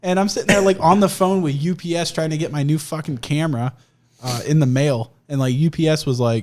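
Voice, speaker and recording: A young man co-hosting a podcast, telling stories in a casual, animated way, laughing often and swearing freely. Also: fairly high pitch, fast. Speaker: podcast co-host. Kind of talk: casual storytelling chat.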